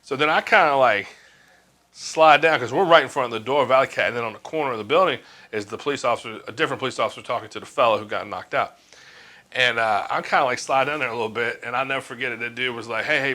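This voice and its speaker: A man's voice: mid-range voice, quick pace, pushed and bright. A man in his forties telling a casual story from his years as a tattoo artist, swearing freely and acting out what others said. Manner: laid-back, swears freely, acts out quoted lines.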